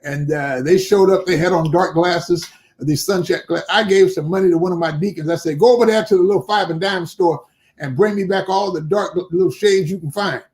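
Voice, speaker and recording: Older man, animated storyteller, higher voice. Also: brisk. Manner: animated storyteller who acts out quoted dialogue. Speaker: guest bishop and pastor. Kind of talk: storytelling in a conversational interview.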